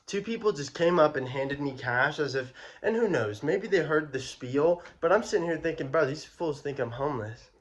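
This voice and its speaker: A young male vlogger retells a personal story in an animated, slangy, profane way. His voice is on the high side, and he talks at a moderate pace with hardly any pauses.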